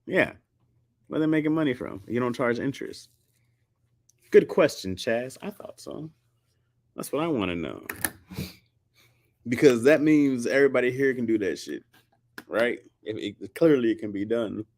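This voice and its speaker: A man from the United States chatting casually and jokingly with his audience, often jumping into a high squeaky pitch for emphasis. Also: lively intonation, moderate pace, pauses often, dry recording. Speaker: streamer host. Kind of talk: casual chat.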